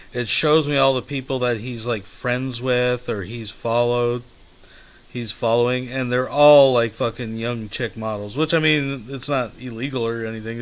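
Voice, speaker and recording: A man in his casual stream voice, middle pitch, dry and offhand, sounding faintly amused by what he watches. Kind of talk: casual commentary.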